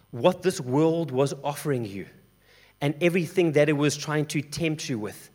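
High-voiced man preaching with dramatic flair. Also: fairly bright tone. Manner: dramatic, acts out the voices of the people in the story. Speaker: pastor. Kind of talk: sermon.

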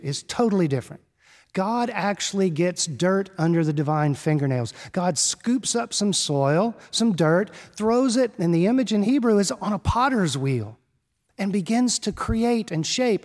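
A man's voice: sits high, a little mellow. A male preacher giving a sermon in a conversational, wry way with playful asides, reading scripture and then talking it through. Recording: long reverb of a large hall.

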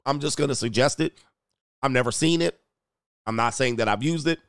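A man's voice: medium pitch, fairly quick, fairly bright tone, no room sound, clean studio sound. A man hosting a reaction commentary channel, blunt and mocking, repeating phrases for emphasis. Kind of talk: reaction commentary on a video clip.

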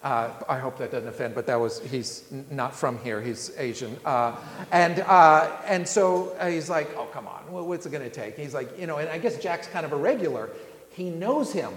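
A man preaching a sermon, winding through a story with fillers and false starts. His voice sits a bit high for a man. The sound is roomy, with a long hall echo trailing behind each phrase. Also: normal speed. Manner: rambling anecdotes with frequent restarts and fillers. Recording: echoey hall with long reverb.

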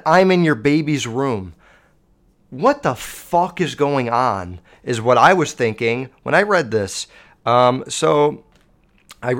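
A man hosting a solo podcast, telling a story in a casual, profane way and acting out other voices along the way. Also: medium pitch. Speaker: podcast host.

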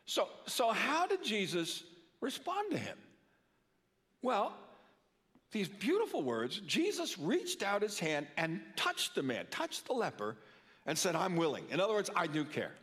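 A man's voice: high-pitched, wildly swooping pitch, unhurried, a bit bright. An older man preaching a sermon in a church, earnest, often repeating words for emphasis. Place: church sanctuary. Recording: long reverb of a church hall.

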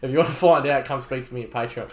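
A man's voice: medium pitch, very fast. An Australian man co-hosting a podcast in casual chat, with a dry, teasing manner. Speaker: podcast co-host. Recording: echoey room with crowd noise.

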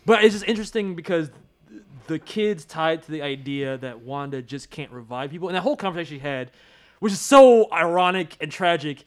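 A man in casual chat about a TV show, excitable, laughing often and acting out quotes. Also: a little high, fairly quick.

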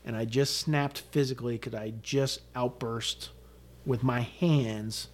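A middle-aged man speaks in an interview with a blunt, profane candor. His voice sits at an ordinary middle pitch. He tells his story in an animated way and acts out the lines of the people in it. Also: takes it slowly. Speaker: guest, retired command sergeant major.

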